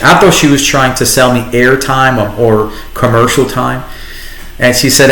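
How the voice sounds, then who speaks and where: A middle-aged man with a New York accent, telling his story as a guest in a conversational interview, animated and restarting often. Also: mid-range voice, normal speed. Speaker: guest, entrepreneur and radio host. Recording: echoey room.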